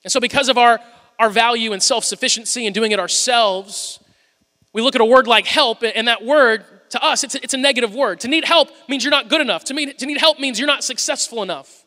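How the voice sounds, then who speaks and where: A fairly quick, forceful sermon comes from a male pastor whose voice is very high-pitched and bright. He tells stories in a humorous, conversational style, and the church sanctuary's large hall leaves a long reverb on the sound.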